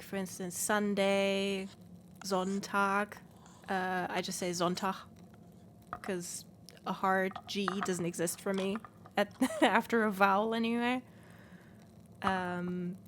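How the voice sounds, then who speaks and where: Native German woman, northern accent, casual streamer chat full of fillers, faint noise bed. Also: medium pitch. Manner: chatty, explains with many fillers. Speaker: let's play streamer.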